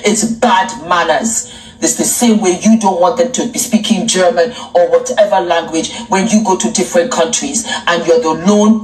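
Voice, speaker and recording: A woman's voice: lowish voice, a little mellow, distant mic. African woman ranting about a braiding shop, sore throat, scolding and repeating herself, echoey room, a bit off mic. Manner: indignant, scolding, repeats phrases for emphasis. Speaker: commentator. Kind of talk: impassioned commentary. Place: home in London.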